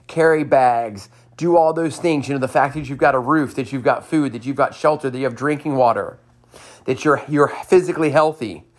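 A man hosting a motivational podcast, cheering listeners on with repeated upbeat lines and a personal story. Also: medium pitch. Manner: enthusiastic, sing-song cheerleading repetition.

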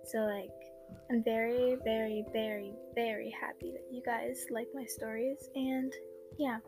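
A woman's voice: a little high, little pitch movement, unhurried, vocal fry, music in the background. A woman hosting a fan fiction podcast, chatting casually with many fillers, tired after a sleepless night, on an old cheap microphone. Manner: chatty, filler-heavy, apologetic. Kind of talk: casual chat and story reading. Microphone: old low-quality microphone.

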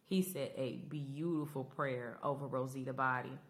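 A woman's voice: extremely low pitch, steady tone, moderate pace. A young woman hosting a podcast, recapping a show in chatty, emphatic casual talk that speaks straight to her listeners. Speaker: podcast host.

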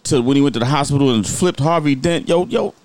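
A man co-hosting a casual podcast chat, slangy and animated, often cutting in. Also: medium pitch, no echo. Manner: animated, slangy, quick to interrupt. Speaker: podcast co-host.

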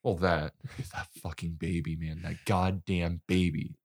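A man's voice: flat delivery, measured pace, darkish tone, slightly rough. A man co-hosting a casual film podcast, swearing, laughing and acting out quotes. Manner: swearing, laughing, acts out quotes in high voices. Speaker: podcast co-host.

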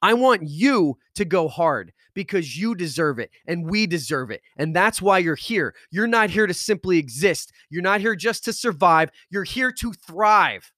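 A man's voice: high voice, a little slow, few pauses, no room sound, clean studio sound. A man hosting a podcast, giving an intense motivational pep talk straight to the listener with repeated urgings that build in energy. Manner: intense, building from calm to fired up; repetitive exhortations, speaks directly to listener. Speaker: podcast host.

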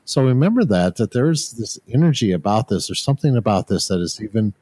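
A man's voice: fairly low pitch, very animated, brisk, dark tone, breathy edge, poor audio. A man co-hosting a casual spiritual chat over a remote call, speaking in an earnest, reflective way. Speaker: co-host.

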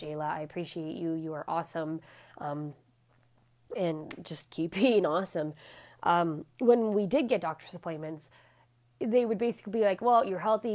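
Woman rambling on her podcast, raspy and stuffy, kinda low voice, lots of ums. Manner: rambling, many ums and restarts. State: out of breath at times. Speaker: podcast host. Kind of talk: casual solo podcast talk.

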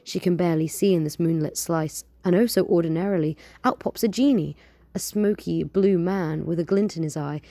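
This young woman's low-pitched voice is gravelly and warm, moving a little fast with no echo. As host of her show she chats casually and reads her own poems aloud, rambling playfully and filling gaps with fillers.

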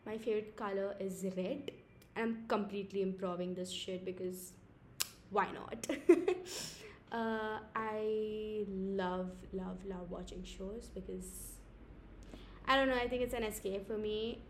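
A young woman from India with a squeaky voice, rambling and giggling through an improvised podcast from home late at night. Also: fairly even intonation, unhurried, slight background noise. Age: young adult. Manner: giggly, rambling, self-mocking. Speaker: podcast host. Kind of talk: casual improvised podcast chat.

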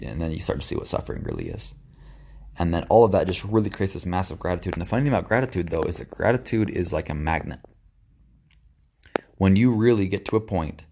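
A man's voice: deep voice, vocal fry, darkish tone. A young man hosting a podcast, talking earnestly and reflectively on his own, often restarting and repeating words. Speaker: podcast host. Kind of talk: casual reflective monologue.

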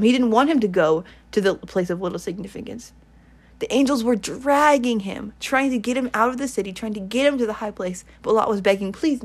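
A woman giving an earnest, rambling online sermon, repeating her points and leading a prayer. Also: mid-range voice. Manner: earnest, repetitive, rambling exhortation. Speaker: online preacher.

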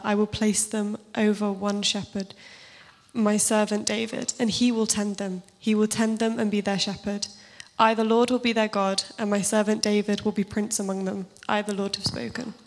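A woman with a slightly husky voice, speaking casually and then giving a steady scripture reading in a sermon. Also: mid-range voice, a little hiss or hum. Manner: informal and self-deprecating, steady even reading. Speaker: church speaker.

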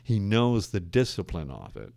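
A man's voice: on the low side, huge pitch swings, moderate pace, creaky, a little mellow, no echo. An older man, a former English teacher, talking in a thoughtful, wry and digressive way. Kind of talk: reflective conversation.

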